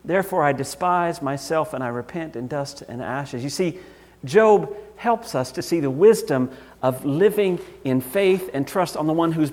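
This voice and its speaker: A male pastor with a Southern accent delivers a sermon in a conversational, emphatic way. His voice sits a little higher than most men's. He keeps the preaching lively and direct. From Southern United States.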